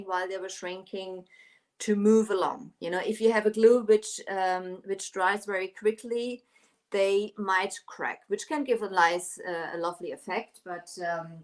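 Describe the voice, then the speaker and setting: A middle-aged woman from Germany, a native German speaker, chatting casually on a live stream while demonstrating furniture painting, with lots of fillers and restarts. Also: medium pitch. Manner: chatty, hesitant with many fillers, greets viewers.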